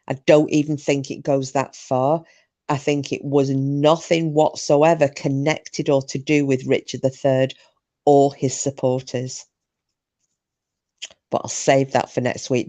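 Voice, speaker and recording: A woman's voice: low-pitched, dark tone. A woman hosting a live stream, chatting casually and rambling, with frequent restarts. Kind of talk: casual chat.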